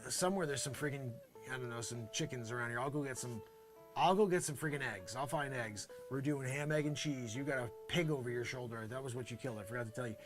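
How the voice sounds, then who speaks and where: A man's voice: medium pitch, quick pace, faint music behind, voice pushed down, close to an everyday voice. A man acting a smug, scheming character in a comedy sketch, muttering persuasive asides.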